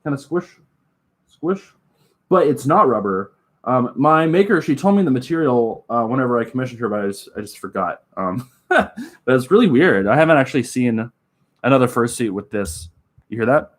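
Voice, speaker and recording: A man's voice: mid-range voice, animated, brisk. Giggly rambling male streamer. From Oklahoma. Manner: rambling, giggly, heavy use of filler words. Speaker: livestreamer. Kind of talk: casual chat with live viewers.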